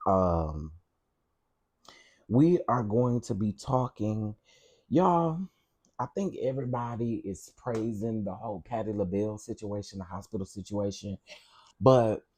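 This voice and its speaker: A man's voice: fairly low pitch, unhurried, a little mellow. A man hosting a casual livestream, greeting viewers by name and repeating his phrases. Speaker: livestream host.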